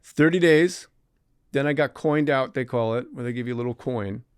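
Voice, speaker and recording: A man hosting a podcast, telling animated, wry stories about his life in comic storytelling style. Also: medium pitch, moderate pace, clean tone, no echo, studio quality. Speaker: comedian podcast host.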